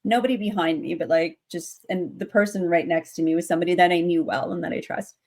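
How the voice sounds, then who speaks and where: A woman's voice: on the low side, steady tone, fast, darkish tone. A young adult woman, a guest in an interview, telling a story casually with many fillers and acting out the voices in her quotes.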